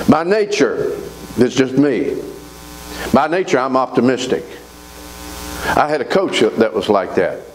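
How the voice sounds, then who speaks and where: Folksy preacher, animated, call-and-response. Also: male voice, medium pitch, a little hiss or hum, rough recording. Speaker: pastor. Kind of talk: sermon. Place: church sanctuary.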